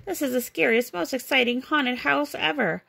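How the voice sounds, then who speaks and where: An excitable young cartoon duck from a bedtime storybook, as a woman reads her aloud. She exclaims eagerly, her voice carrying a gravelly, fry-touched texture. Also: high voice, normal speed, voice pushed up, full character voice. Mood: excited.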